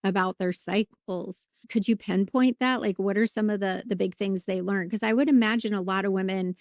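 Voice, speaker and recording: A woman's voice: mid-range voice, steady tone, moderate pace, no room sound, clean studio sound. Scratchy-voiced woman podcast host. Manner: warm interjections, conversational questioning. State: losing her voice, scratchy. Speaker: podcast host, labor nurse. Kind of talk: casual podcast interview.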